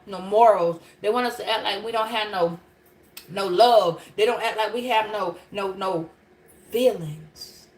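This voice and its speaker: A woman's voice: on the high side, echoey room. A woman giving a casual spiritual message to a live chat, emphatic and preachy, repeating her phrases and talking straight to her viewers.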